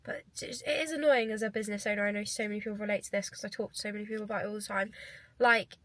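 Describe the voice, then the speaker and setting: A woman's voice: medium pitch, steady tone, very fast, a bit bright, no echo. A young woman chatting casually to camera in a rambling vlog, her talk full of "like" fillers. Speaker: vlogger and fitness coach.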